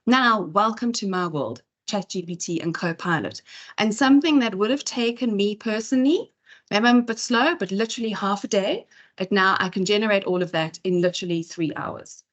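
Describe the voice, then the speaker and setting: A woman's voice: medium pitch, normal speed, a bit bright. A woman speaker giving a chatty talk at an in-person event, full of fillers and asides. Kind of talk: conference talk.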